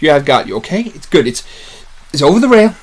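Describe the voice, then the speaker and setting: A man voicing a calm, protective paleontologist who gives reassuring instructions. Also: fairly high pitch, a little fast. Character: steady male paleontologist, protective. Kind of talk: comedic script reading.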